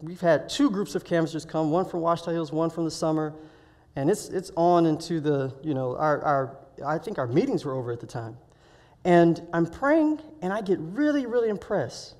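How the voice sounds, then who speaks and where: A man speaking at a week of prayer, telling a personal story in a sermon and acting out the dialogue with lively swings of voice. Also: on the high side, normal speed. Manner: animated, acts out dialogue in his story. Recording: reverberant hall.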